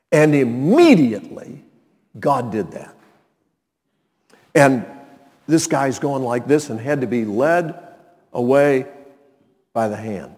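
Animated male preacher in a reverberant hall. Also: medium pitch, slow, long pauses. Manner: emphatic preaching, checks in with listeners. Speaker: pastor. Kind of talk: sermon. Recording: long reverb in a large hall.

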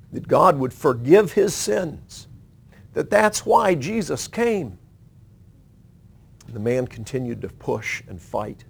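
A man preaching on a radio program, telling a story with dramatic pauses and slowing down for emphasis. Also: medium pitch, vocal fry. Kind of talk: sermon storytelling.

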